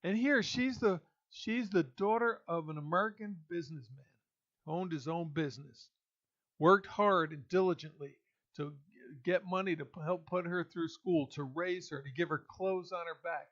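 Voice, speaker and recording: A man with a high voice delivers an indignant opinion monologue. He speaks emphatically, with pauses and restarts. The recording is dull and lo-fi. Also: fairly bright tone. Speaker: political commentator. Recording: dull lo-fi audio.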